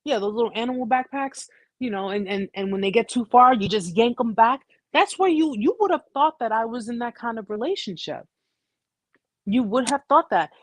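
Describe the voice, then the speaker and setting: A woman's voice: on the high side, lively intonation, normal speed, no room sound. An American woman hosting a live chat, telling her story in a casual, blunt way with slang and frequent restarts. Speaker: host.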